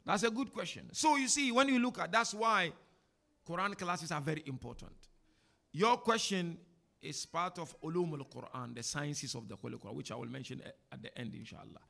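A man with a fairly high, bright voice and a gravelly edge leads an informal religious lesson in a mosque. He talks in an animated, chatty way, full of asides and laughter, as he answers the audience. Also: normal speed. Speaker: sheikh giving a talk and answering questions. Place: mosque hall before an audience.

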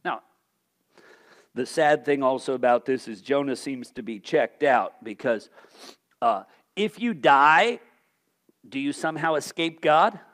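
A male pastor preaching a sermon, asking rhetorical questions and swinging from loud emphasis to hushed tones. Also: mid-range voice, animated, unhurried.

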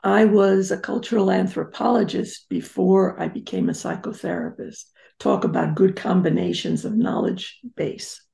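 An older woman speaks as a therapist guest, telling family stories in a reflective, emphatic way. Her voice is deeply gravelly with heavy vocal fry. Her tone is dark and mellow. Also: lively intonation, moderate pace, hardly any pauses. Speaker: psychotherapist guest. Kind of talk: interview storytelling.

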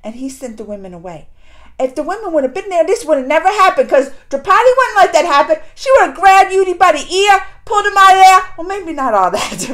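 Hosting a laid-back reaction video, this woman speaks at an extremely high pitch. Her retelling of the scenes is lively and exasperated, broken up by frequent laughter.

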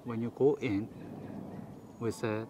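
A woman from southeast Korea whose first language is Korean, speaking English in halting chat and searching for her words. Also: rumbling low, steady tone, lo-fi sound, background noise. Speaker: co-host. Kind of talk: casual chat.

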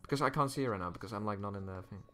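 A man's voice: lowish voice, rapid-fire, sharp tone. A young man streaming a game live, chatting with viewers and ranting with frequent swearing. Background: faint music.

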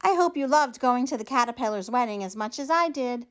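A woman reading a children's picture book aloud, telling the story in an animated, expressive way. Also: a little high, fairly quick. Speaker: storytime reader.

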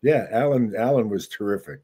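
A man in his seventies, a guest actor telling relaxed stories in casual chat. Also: fairly low pitch, brisk, husky.

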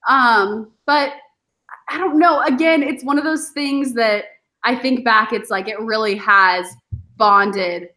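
A woman, a guest on a podcast, telling animated stories in casual chat and acting out her past self. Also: fairly high pitch, slow. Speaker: podcast guest, former reality show contestant.

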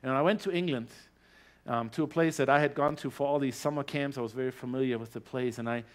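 A man with a German accent giving a personal testimony in a church service, earnest and growing animated as his story builds. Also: mid-range voice, fast. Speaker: guest speaker sharing his testimony.

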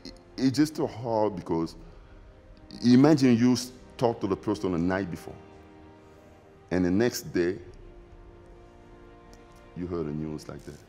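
A very deep-voiced man, speaking in a warm, dark tone as an interview guest. He pauses, repeats himself and lets his grammar slip while he recalls things, and faint music plays underneath. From Democratic Republic of the Congo. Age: 40s. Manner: halting, reflective, repeats phrases, loose grammar. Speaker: interview guest, former basketball player. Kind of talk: emotional recollection in a sit-down interview.

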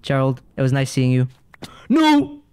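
With a smooth, fairly high voice and an unhurried delivery, a young man offers casual gaming commentary to his stream chat. He's jumpy and meandering, and gets repetitive when something scares him. Faint game music sits under a dry close mic.

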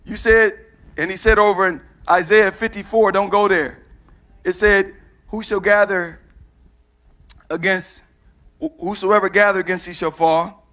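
A man with a Midwestern US accent preaching a sermon with fervor, urging the reader on and rising to shouts. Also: high voice, fairly even intonation, unhurried, long pauses.

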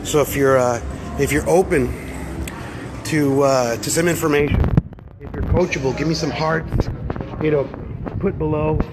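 A middle-aged man with a slightly high, steady voice speaks at a moderate pace with frequent pauses against a noisy background. A motivational business speaker, he's winded from a workout and talks bluntly and energetically from his car into his phone for a casual live stream, using plenty of fillers.

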